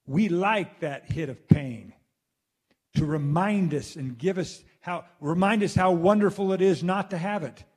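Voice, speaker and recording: A man delivering a rambling spoken monologue to listeners, animated and swearing freely, acting out exclamations as he goes. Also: high voice, measured pace. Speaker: speaker addressing his listeners.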